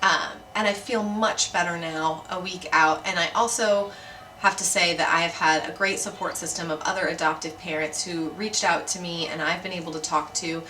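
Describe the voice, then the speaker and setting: A woman speaks earnestly and candidly in a casual home vlog, her tone bright and forward. The mic sits at some distance, so her voice carries a roomy echo with a faint hiss of noise underneath. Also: lowish voice, steady tone, moderate pace. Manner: candid and earnest, with soft fillers. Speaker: adoptive mother and vlogger. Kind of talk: casual vlog talk to camera.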